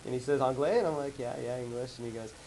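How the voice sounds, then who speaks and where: A man giving a casual slideshow talk to colleagues, rambling and animated as he tells stories. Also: mid-range voice, fast, slight background noise, low-quality recording. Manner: rambling, animated storytelling with acted-out quotes. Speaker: presenter. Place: office meeting room.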